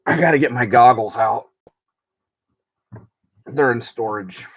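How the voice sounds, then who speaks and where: A man's voice: mid-range voice, a little slow, breathy edge. Chatty man rambling about his cards. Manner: rambling, chatty, reads viewer comments aloud. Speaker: baseball card collector streaming to viewers. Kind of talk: casual live-stream chat.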